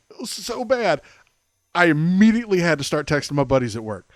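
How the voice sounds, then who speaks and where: A man's voice: a little high, big pitch swings, brisk, dry recording. A man co-hosting a podcast, telling a funny story in casual chat and laughing often. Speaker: podcast co-host.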